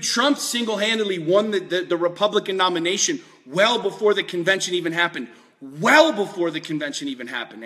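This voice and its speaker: A man's voice: high-pitched, sharp tone. A man giving a fired-up political monologue, emphatic and repetitive, with lots of swearing. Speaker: political commentator.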